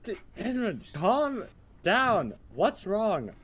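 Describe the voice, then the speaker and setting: Man as short, kind male adventurer, gentle and stuttering. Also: high voice, very animated, very slow, breathy edge, pitched above the performer's own voice, exaggerated voice. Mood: soothing. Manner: gentle, stammering, earnest.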